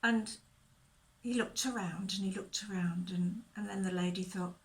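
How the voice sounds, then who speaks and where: Recorded for video, this children's church talk features a woman speaking at a moderate pace and medium pitch. Her Bible story is told in a gentle, expressive manner, with questions for the kids.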